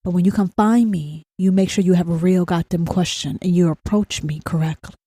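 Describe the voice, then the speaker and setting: A woman hosting her own podcast, ranting bluntly and provocatively with lots of profanity, often slowing down to stretch out words for emphasis. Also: on the low side, steady tone, warm tone, breathy edge, no room sound. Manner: slows to drawn-out emphatic words. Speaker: podcast host. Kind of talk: profane solo rant.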